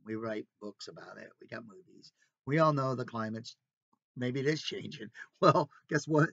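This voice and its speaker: A man's voice: mid-range voice, normal speed, gravelly, fairly bright tone, no room sound. A man leading an informal Bible study, speaking conversationally with rhetorical questions and emphatic asides. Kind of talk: informal sermon. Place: recreational vehicle. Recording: dry, dull lo-fi sound.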